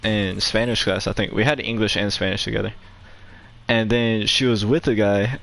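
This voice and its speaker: A man's voice: lowish voice, fairly even intonation, moderate pace, vocal fry, a bit bright. A young man telling a story in casual chat, rambling with lots of fillers and laughing between lines. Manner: rambling, heavy use of "like" fillers, laughs often. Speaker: gaming channel host.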